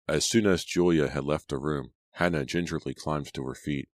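A man narrating an audiobook in a steady, measured storytelling manner. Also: rumbling low, no echo, studio quality. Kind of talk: scripted narration.

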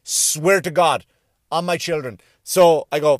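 A middle-aged Irish man telling stand-up stories, swearing freely and stumbling over his own restarts. His voice sits a touch high for a man. The sound is close and dry, with no room around it. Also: a little slow, no echo. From Ireland. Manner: rambling, profane, self-mocking, many restarts. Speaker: stand-up comedian. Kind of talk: stand-up comedy routine.

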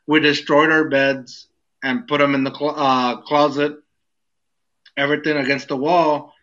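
A young man tells a rambling story in casual chat and fills the gaps with ums. His voice is bright and a little high. The sound is dull and lo-fi. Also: level tone, a little slow. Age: young adult. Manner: rambling, searches for words with many fillers.

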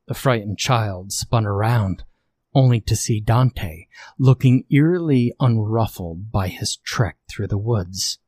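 A man narrating a scripted horror story in a steady, measured way. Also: fairly low pitch, dry recording, studio quality.

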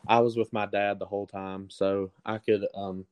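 A teenage young man with a thick Alabama accent answers questions casually, pausing often on ums and restarts. His voice sits fairly low and sounds smooth and clear. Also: flat delivery, darkish tone, low-quality recording. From Southern US. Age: teens. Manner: halting, with many ums and restarts. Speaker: baseball recruit guest.

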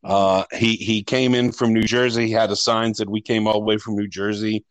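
A man's voice: fairly low pitch, little pitch movement, moderate pace, dry recording, rough recording. Male podcast co-host, profane rambling storyteller, dry mic. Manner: rambling, profane, restarts often. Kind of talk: casual storytelling chat.

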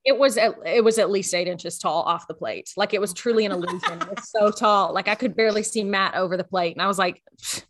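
A young adult woman co-hosting a podcast, chatting casually and telling animated stories with voiced quotes. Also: medium pitch, fast talker, hardly any pauses, no room sound. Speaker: podcast co-host. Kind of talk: casual chat.

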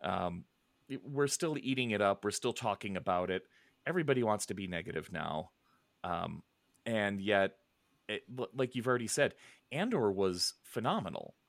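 Low-voiced rambling middle-aged man. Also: expressive, moderate pace, vocal fry, dry recording. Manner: rambling, many restarts and chuckles. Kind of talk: casual chat.

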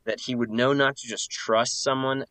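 A man chats casually as a tabletop game player, often hesitating and restarting his sentences. His voice is mid-pitched, and the sound is dry and close. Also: fairly even intonation, normal speed, fairly bright tone, no room sound. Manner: hesitant, many ums and restarts.

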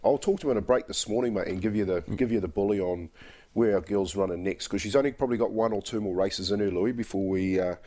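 A New man on breakfast radio with a lowish voice. He rambles loosely and keeps repeating himself as he chats with his co-hosts. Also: fast talker, mellow. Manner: rambling, laid-back, says mate a lot. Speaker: radio host. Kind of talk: casual breakfast radio banter.

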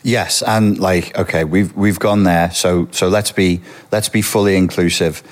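Deep-voiced man, earnest expert guest. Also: steady tone, unhurried. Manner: earnest, explanatory, addresses viewers directly. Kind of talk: interview, explaining.

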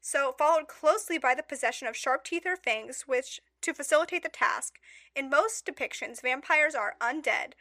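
A woman's voice: sits high, moderate pace, sharp tone, no echo. A woman co-hosting a casual podcast, reading facts aloud with stumbles and giggly asides in a small studio. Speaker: podcast co-host. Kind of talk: casual chat reading notes.

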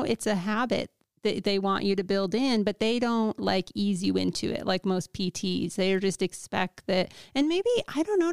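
A woman appearing as a podcast guest and writer, telling stories in a lively, casual way and laughing often. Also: mid-range voice, smooth, no echo, clean studio sound. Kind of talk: casual conversational chat.

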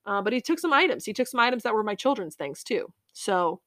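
A woman hosting a podcast, sharing a personal faith reflection in an earnest, heartfelt way, with pauses and fillers. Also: medium pitch, big pitch swings, a bit bright, dry recording, studio quality. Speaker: podcast host.

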